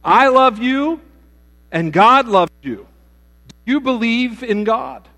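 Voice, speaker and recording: A man voicing an eager, chummy man trying to rescue someone, excited and squeaky. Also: slow, exaggerated voice. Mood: gushing. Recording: reverberant hall with mains hum.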